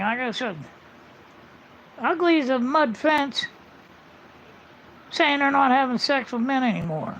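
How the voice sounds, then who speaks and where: Gravelly, high-voiced man ranting profanely. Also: lively intonation, measured pace, pauses often, fairly bright tone, slight background noise. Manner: profane, rambling, blunt. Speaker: livestreamer. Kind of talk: casual ranting monologue. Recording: muffled lo-fi livestream audio.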